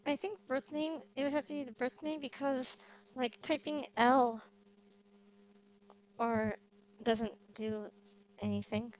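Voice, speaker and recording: A woman chatting casually on a call, flustered and halting, often stumbling and repeating herself. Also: high-pitched, fairly even intonation, poor audio. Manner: flustered, halting, self-deprecating. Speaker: streamer singing karaoke.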